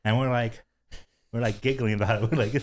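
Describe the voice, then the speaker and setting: A man's voice: mid-range voice, steady tone, fairly quick. A man hosting a podcast, telling a story in casual chat, rambling with many fillers and frequent giggles. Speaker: podcast host.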